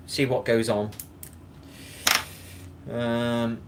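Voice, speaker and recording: Man live-streaming, rambling host, mid-pitched voice, faint noise behind. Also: fairly quick, pauses often. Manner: rambling, chatty, swears casually, greets viewers by name. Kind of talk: casual live-stream chat.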